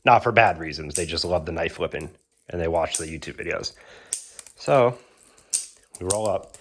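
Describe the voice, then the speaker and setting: A man's voice: low voice, a little fast, a bit bright, a little hiss or hum. A young man casually telling a storytime about his hobby, acting out the quotes with laughs. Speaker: knife-flipping YouTuber.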